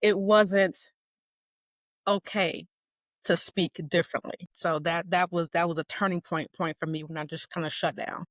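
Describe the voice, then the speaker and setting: A woman in her forties who stutters, telling her story as a guest in an interview with warm laughter and emphasis. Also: on the low side, fairly even intonation, unhurried, no room sound. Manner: stutters with repeated sounds and words. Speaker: guest, educator.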